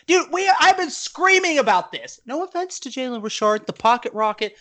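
High-voiced chatty male podcast host. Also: moderate pace. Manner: chatty, joking, animated. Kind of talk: casual chat.

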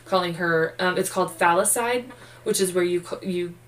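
A woman's voice: lowish voice, moderate pace, distant mic, a little hiss or hum, low-quality recording. A sleepy woman co-hosting a true-crime podcast, narrating the case casually with swearing and jokes. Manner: profane, loose and joking while reading case notes. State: sleepy, yawning. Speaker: podcast co-host.

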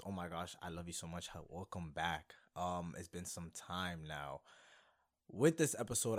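A young man hosting his own podcast, talking casually and rambling excitedly, with many fillers and restarts. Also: low-pitched. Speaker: podcast host. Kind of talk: casual solo podcast talk.

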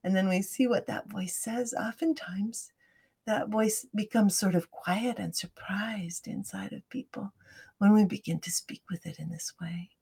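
A middle-aged woman speaking as a guest, gently guiding a meditation and explaining self-compassion, with a soft breathy voice and frequent laughter. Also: medium pitch, unhurried. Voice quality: breathy, drops into soft whispers when guiding. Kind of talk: guided meditation and interview talk.

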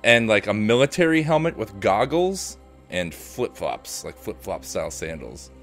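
A man acting as game master for a tabletop game narrates loosely, filling his speech with lots of fillers. His voice sits on the low side and is very animated, with a fairly bright tone and normal speed, while soft music plays in the background.

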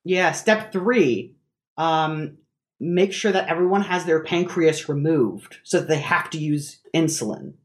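A man's voice: fairly high pitch, lively intonation, measured pace. A man co-hosting a podcast in casual chat over a video call. He rambles, swears casually and laughs often. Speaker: podcast co-host.

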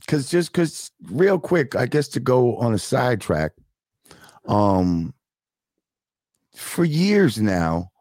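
A man's voice: medium pitch, no echo, clean studio sound. A middle-aged man with a New York accent hosting a podcast, chatting casually and cursing freely. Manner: animated, swears freely, drawn-out asides. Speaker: podcast host. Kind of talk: casual interview chat.

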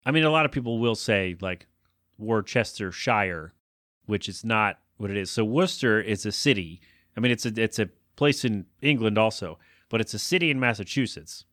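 A man's voice: fairly low pitch, a bit bright, no echo, clean studio sound. A man hosting his own podcast, talking alone in a loose, joking, self-deprecating way that wanders off track. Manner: self-deprecating, jokey, meandering. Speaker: podcast host. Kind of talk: casual rambling monologue.

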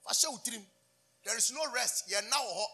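Preacher man, high bright voice kinda husky, fired up call and response. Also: quick pace. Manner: fervent call-and-response preaching, switching between English and Twi. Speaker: pastor. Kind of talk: sermon.

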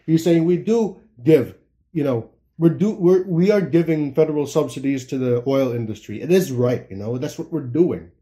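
Rambling young man with a mellow voice. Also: fairly high pitch. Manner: rambling, laughing, many fillers and restarts. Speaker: political commentator. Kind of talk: casual political rant.

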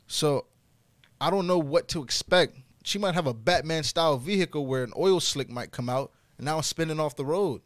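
A young man telling a wild story in casual podcast talk, swearing freely and getting loud and high-pitched when excited. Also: moderate pace, no room sound, clean studio sound.

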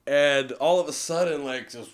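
A man sits in as a podcast guest and tells a long personal story casually, his voice pitched a little high for a man. He is animated, laughs often, and fills his talk with "like". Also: moderate pace. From Utah.

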